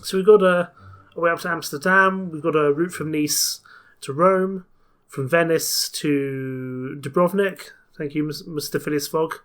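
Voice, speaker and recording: A man's voice: fairly high pitch, steady tone, measured pace, fairly bright tone. Chatty man playing a story game. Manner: chatty, rambling, self-correcting. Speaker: let's play host. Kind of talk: casual game commentary and story reading.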